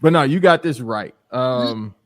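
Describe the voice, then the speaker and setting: A man's voice: medium pitch, a little slow, fairly bright tone. A man co-hosting a podcast, joking and swearing in casual banter. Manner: joking, profane. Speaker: podcast co-host.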